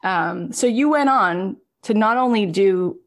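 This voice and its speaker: Gravelly-voiced woman podcast host. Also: mid-range voice, lively intonation, a little slow. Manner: warm, affirming, enthusiastic. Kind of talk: casual chat.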